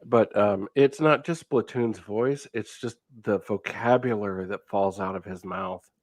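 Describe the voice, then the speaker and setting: A man's voice: fairly low pitch, measured pace, dry recording. A man making wry, self-mocking remarks in casual chat on a live panel show.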